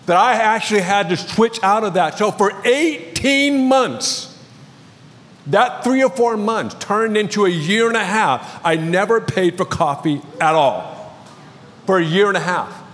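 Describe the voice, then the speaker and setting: Male pastor with a high voice, joking his way through a sermon story in a big echoing church. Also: lively intonation, a little slow, fairly bright tone. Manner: storytelling with light humor. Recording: long reverb of a large hall.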